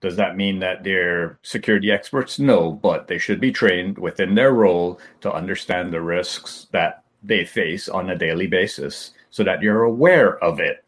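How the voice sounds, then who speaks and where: A man with a very low voice speaks on a video-call panel. He explains his point in a calm, measured way. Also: slightly rough. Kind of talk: panel discussion.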